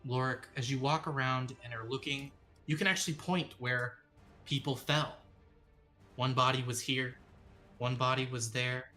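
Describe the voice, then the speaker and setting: A man acting as dungeon master, describing a scene and laying out choices for the players in a measured storytelling manner. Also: mid-range voice, steady tone, pushed and bright, soft background music. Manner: descriptive, measured storytelling with sudden quick asides. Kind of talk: narrating a tabletop game.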